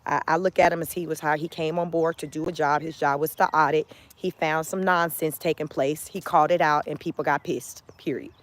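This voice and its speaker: Give me an animated woman with a lowish voice, talking into a phone while she walks outside. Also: fairly quick, hardly any pauses. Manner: animated, emphatic, rhetorical questions. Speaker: vlogger. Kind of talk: casual walk-and-talk commentary. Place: outdoors, walking. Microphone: phone camera.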